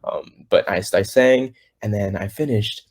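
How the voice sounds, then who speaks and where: With a fairly low, slightly mellow voice and a measured pace, a teenage boy who sings chats as a podcast guest. He rambles through his story in a casual interview, restarting often, using many fillers, and acting out quoted people.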